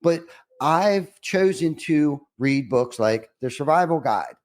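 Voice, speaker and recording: A man's voice: a little high, lively intonation, slow. A middle-aged man hosting a podcast, talking earnestly and reflectively with lots of restarts before asking his next question. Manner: rambling, earnest, many restarts. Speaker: podcast host. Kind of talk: reflective interview conversation.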